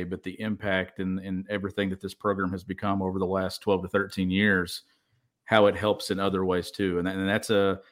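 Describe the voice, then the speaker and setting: A male co-host on a sports podcast whose voice sits on the low side. He reflects in a conversational way and builds his points as he goes. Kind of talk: casual sports talk.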